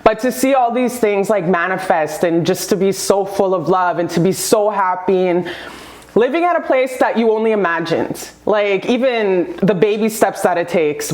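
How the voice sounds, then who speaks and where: A woman's voice: mid-range voice, a little mellow, reverberant. A woman psychic reader giving a motivational self-love talk, emphatic and profane, calling her listeners "baby" and "you guys.".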